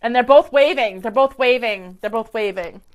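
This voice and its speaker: A woman's voice: on the high side, moderate pace, dull audio. A woman psychic medium giving effusive live-stream readings to viewers, chatty and gushing with many fillers, into a webcam or phone mic.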